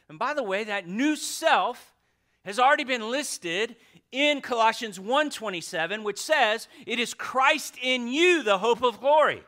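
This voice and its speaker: A man preaching a sermon as pastor in a church, passionate and joking with the congregation, swinging from loud outbursts to hushed asides. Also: extremely high pitch, animated, a little slow. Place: church sanctuary.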